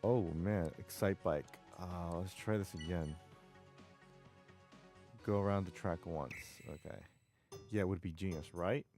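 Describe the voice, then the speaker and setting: Chatty low-voiced man streaming games. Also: unhurried, pauses often, a little mellow, soft background music. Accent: New York. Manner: chatty, rambling, reads chat aloud. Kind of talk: casual live-stream chat while gaming.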